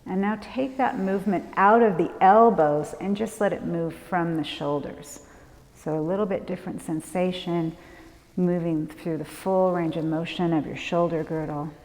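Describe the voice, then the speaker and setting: Woman, yoga teacher, gentle breath cues, slightly low voice, long hall reverb. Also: steady tone, normal speed. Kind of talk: guided yoga class instruction.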